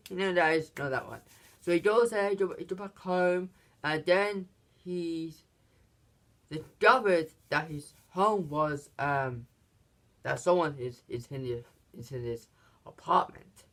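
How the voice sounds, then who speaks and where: A man giving a casual, rambling movie recap, halting often and restarting his sentences. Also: on the high side, fairly bright tone. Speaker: movie reviewer.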